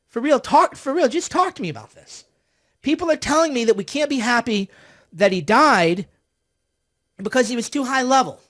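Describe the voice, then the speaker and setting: High-voiced man ranting sarcastically. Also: a bit bright. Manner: sarcastic, exasperated, mocks opponents. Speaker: political commentator hosting a livestream. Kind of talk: ranting livestream commentary.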